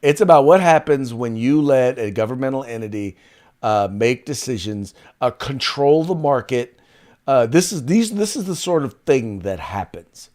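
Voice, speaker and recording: A male co-host of a political talk show, emphatic as he steers the conversation. His mid-pitched voice swings widely up and down. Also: moderate pace. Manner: animated, emphatic, wraps up segments. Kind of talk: casual political commentary.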